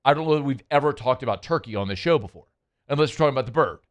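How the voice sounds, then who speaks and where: A man's voice: mid-range voice, lively intonation, rapid-fire, highs cut off. A man hosting a sports radio show, chatting casually in a rambling, playful, self-deprecating way. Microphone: studio microphone.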